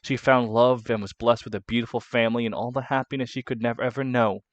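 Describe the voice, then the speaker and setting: Man reads a woman consort telling her past; soft, subdued. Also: medium pitch, steady tone, fast, no echo, muffled recording, lightly acted. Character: woman consort recalling her hard youth.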